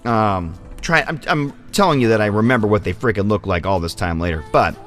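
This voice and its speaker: A man's voice: fairly low pitch, fairly quick, a bit bright, soft background music. A man hosting a vlog, telling a long rambling story in casual, profane speech. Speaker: vlog host.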